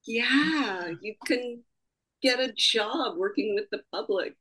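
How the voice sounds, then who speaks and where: A woman's voice: a little high, expressive, slow pace, bright, forceful tone, slightly rough, poor audio. A woman guest in a casual chat, answering in an easygoing way from home over a video call.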